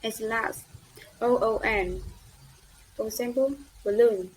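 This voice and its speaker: A woman student giving a class presentation, reading slowly and carefully and spelling out letters one by one. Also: a little high, fairly even intonation, darkish tone, a little hiss or hum, poor audio.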